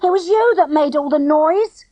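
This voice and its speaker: Storybook: flustered plump young boy, high and eager, voiced by a woman narrator. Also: animated, moderate pace, no room sound, dull audio. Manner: breathless, pleading, complaining.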